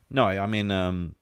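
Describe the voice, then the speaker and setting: Male live-stream co-host, mixed accent with an Aussie hint, excitable and chatty, lowish voice, dry close sound. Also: clear, resonant tone, no room sound. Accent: mixed, hint of Australian. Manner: chatty, excitable, banter with viewers in chat. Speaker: fan channel co-host. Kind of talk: casual live-stream chat.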